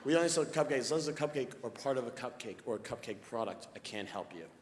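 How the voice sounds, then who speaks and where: A man voicing a stubborn male cupcake shop worker who answers in a flat, repetitive, deadpan way. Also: medium pitch, fast, roomy sound, in a large hall, noisy background, lightly acted.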